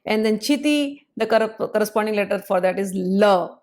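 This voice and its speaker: A woman, explaining scripture in a measured spoken lecture and pausing to spell out syllables. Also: mid-range voice, darkish tone.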